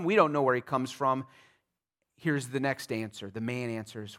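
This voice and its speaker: A pastor preaching a sermon in an emphatic, conversational way, with frequent restarts and vivid asides. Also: male voice, mid-range voice, moderate pace, a bit bright.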